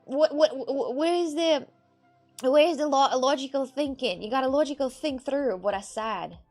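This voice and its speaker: Streamer woman, accented English, playful and teasing, slightly high, faint music behind. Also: normal speed, a little mellow. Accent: non-native English. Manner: chatty, laughing, playful, teasing. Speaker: livestream host. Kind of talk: casual chat with viewers.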